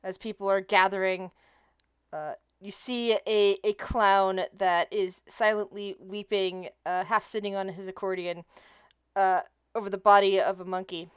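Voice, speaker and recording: A woman's voice: medium pitch, level tone, smooth, dry recording, studio quality. A woman narrating as game master of a tabletop game, describing scenes with frequent restarts. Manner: halting, restarts mid-phrase while describing scenes.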